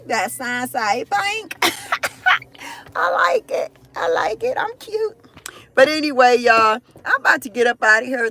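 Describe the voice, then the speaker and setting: High, bright-voiced woman ranting live. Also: no echo. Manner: loud, profane, animated ranting. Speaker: livestream host. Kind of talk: casual live-stream chat. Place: outdoors near a car.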